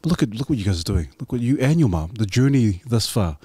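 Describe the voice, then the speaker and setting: Host: low, husky man, rambling and effusive, close and dry. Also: big pitch swings, quick pace, mellow, no room sound. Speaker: podcast host. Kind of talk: casual interview chat.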